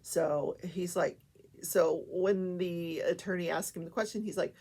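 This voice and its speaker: A woman's voice: lowish voice, steady tone, measured pace, mellow, husky. An older woman hosting a talk show, chatting casually through a trial recap with many fillers.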